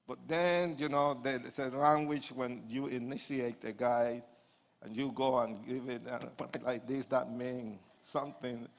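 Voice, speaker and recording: A man, an evangelist, telling his life story as a testimony sermon to an audience, with animated swings from hushed asides to loud outbursts. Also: mid-range voice, moderate pace.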